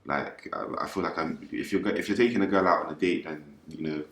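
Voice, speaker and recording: A very low-voiced man on a panel, talking things through calmly and thoughtfully. The room gives his voice a noticeable echo. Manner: measured, thoughtful explaining. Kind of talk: casual panel talk.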